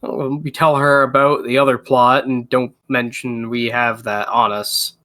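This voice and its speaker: Man, tabletop player, bright sharp tone, blunt plain talk, middle pitch. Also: little pitch movement, unhurried. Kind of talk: casual gaming banter.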